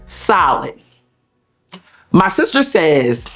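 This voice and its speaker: A woman with a Delaware accent, an interview guest telling a personal story in a blunt, profane, animated way. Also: medium pitch, a little slow, faint music behind. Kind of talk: emotional storytelling.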